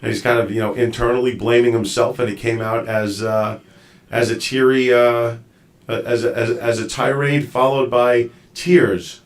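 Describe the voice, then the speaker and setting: A man hosting a live video-call show, talking in a casual, halting way with lots of fillers and restarts. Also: medium pitch, flat delivery. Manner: rambling, halting, with many fillers. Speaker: show host. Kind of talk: casual live-stream chat.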